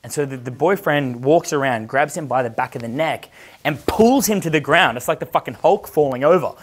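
A man's voice: medium pitch, brisk. A man in his thirties with an Australian accent, a dating coach telling a long casual story, swearing constantly and acting out the voices of the people in it. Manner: profane, animated, acts out quoted voices.

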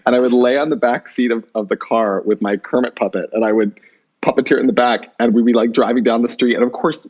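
A man telling a long personal story as a podcast guest, lively and quick to jump into other people's voices. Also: slightly rough. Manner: animated, jumps pitch when quoting people. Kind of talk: conversational storytelling. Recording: muffled low-fidelity remote audio.

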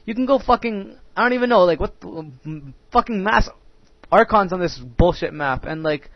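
A man's voice: sits high, lively intonation, normal speed, no echo. A young man giving profane, ranting commentary over his own match, full of filler words. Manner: ranting, crude, heavy use of filler words. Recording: dull dry lo-fi mic.

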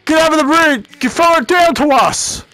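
A man role-playing loudly while gaming in VR, shouting names and calls in a dramatic way. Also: very high voice, moderate pace, dry recording, faint music behind, poor audio. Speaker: gamer playing Dutch in VR role-play. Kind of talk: excited gaming chat.

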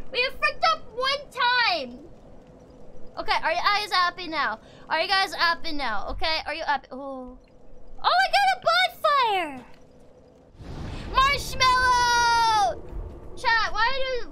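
Brash, foul-mouthed woman streamer with a very high voice, chatting at her viewers over a noisy home mic. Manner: brash, joking, swearing, talking to chat.

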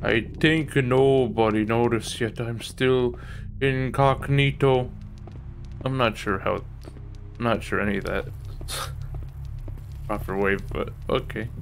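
A man's voice: mid-range voice, fairly even intonation, takes it slowly, creaky, long pauses, a little hiss or hum. A man streaming a game live, swearing freely as he plays and reading the game's text aloud. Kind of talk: live gameplay commentary.

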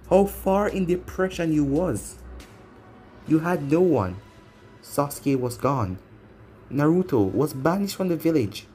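A man voicing an angry, grieving older woman ninja leader who shouts in anguish. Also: fairly high pitch.

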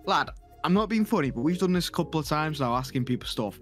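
A man's voice: a little high, expressive, fast talker, faint music behind. A young man, teasing his friend and acting out people in his stories. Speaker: co-host. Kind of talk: casual gaming banter.

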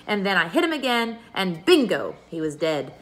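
A woman's voice: medium pitch, a little fast, sharp tone, close to an everyday voice, rough recording. A woman reading aloud and voicing a cheeky, fearless young girl who boasts in tall tales. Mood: boastful. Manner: bold, tall-tale boasting.

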